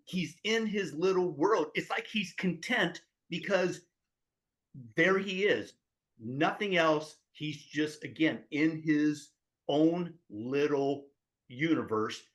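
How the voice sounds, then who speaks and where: A man's voice: a little high, lively intonation, slow pace, fairly bright tone. A man co-hosting a podcast, sarcastic, acting out characters to mock them. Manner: sarcastic, acts out characters mockingly. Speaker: podcast co-host. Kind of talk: casual podcast chat.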